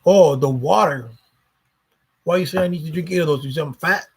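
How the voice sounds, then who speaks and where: A man rambling through a casual vlog, swearing often and doubling back on his words. His voice sits a little high for a man, with a gravelly fry and a raspy, husky edge. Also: a little fast. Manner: rambling, profane, repeats himself. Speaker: YouTuber.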